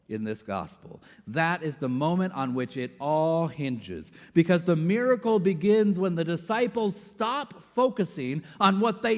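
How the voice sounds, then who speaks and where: Slow-preaching man in a reverberant church. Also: a little high. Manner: slow, dynamic preaching, swelling loud then dropping very soft. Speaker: pastor. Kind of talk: sermon. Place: church sanctuary. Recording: long church hall reverb.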